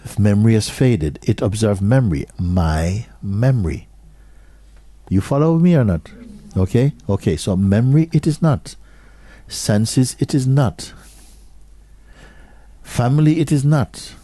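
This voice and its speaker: A man as a spiritual teacher giving a slow, questioning talk to an audience, repeating short phrases and sometimes dropping almost to a whisper. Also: fairly low pitch, animated, dark tone, no room sound.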